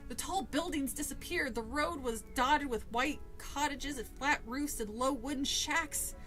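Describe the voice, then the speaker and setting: A woman's voice: high voice, measured pace, bright, forceful tone, faint music behind. A woman streamer reading a children's book aloud in a chatty way, swearing, laughing and breaking off to comment. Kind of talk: casual live-stream read-along.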